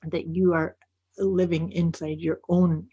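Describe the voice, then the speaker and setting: A woman's voice: on the low side, little pitch movement, a little slow, dark tone, slightly rough, no echo, lo-fi sound. A woman co-hosting a talk podcast, chatting casually and reflecting on her co-host's points in an affirming way. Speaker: podcast co-host. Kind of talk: casual chat.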